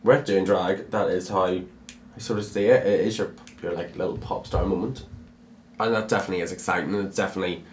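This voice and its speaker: Halting young man, lowish voice. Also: steady tone, a little hiss or hum. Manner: halting, repeats words, many fillers. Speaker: drag performer. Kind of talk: documentary interview storytelling.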